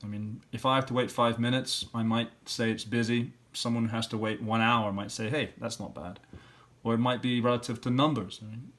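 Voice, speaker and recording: A man's voice: medium pitch, steady tone, brisk, fairly bright tone. A man teacher working through practice questions, thinking aloud step by step and sounding out letters and syllables. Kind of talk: classroom lesson walkthrough.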